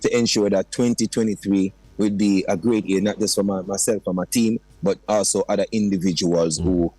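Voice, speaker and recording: Man lively Jamaican dancehall artist. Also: low-pitched, a little fast, no echo, rough recording. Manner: animated, keeps saying "you know what I mean"; slips into patois. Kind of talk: radio interview. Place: radio studio.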